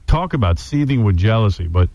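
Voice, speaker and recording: A man hosting a radio talk show, telling a story in a wry, animated way. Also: lowish voice, a little fast, vocal fry, no room sound. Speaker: radio host. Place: radio studio.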